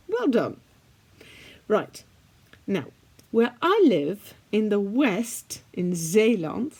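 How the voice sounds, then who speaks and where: Slow, mellow-voiced Dutch woman chatting. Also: mid-range voice, sing-song, slightly rough. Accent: Dutch, with a British-leaning English accent. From Netherlands. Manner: chatty and self-deprecating, with frequent fillers and laughs. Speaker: art vlogger. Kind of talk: casual chat to camera.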